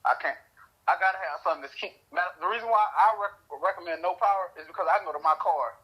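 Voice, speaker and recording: A man who grew up in Louisiana, co-hosting a casual podcast. His voice is bright and husky. He rambles through stories with frequent laughter and cursing. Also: sits high, quick pace, low-quality recording. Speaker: podcast co-host. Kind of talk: casual chat.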